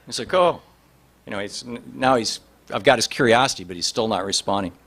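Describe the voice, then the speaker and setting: A man telling a long anecdote in a rambling, animated way, with many restarts and fillers. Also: on the low side, fast. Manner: rambling, animated, voice rises sharply in quoted lines. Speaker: speaker telling a story. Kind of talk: anecdotal storytelling talk.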